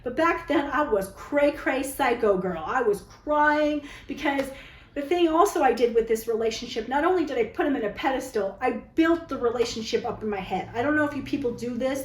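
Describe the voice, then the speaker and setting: With a fairly high voice and a fairly quick pace, a woman who vlogs about dating tells a personal story candidly and dramatically, tagging lines with "okay?" as she chats. The low-quality recording has a roomy sound.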